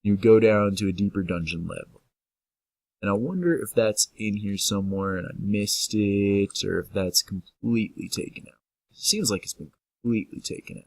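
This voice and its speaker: Playful low-voiced man narrating gameplay. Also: moderate pace, darkish tone. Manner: playful, talks to enemies, reads game text aloud. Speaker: gameplay commentator. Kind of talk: casual let's-play commentary. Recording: faint game music behind.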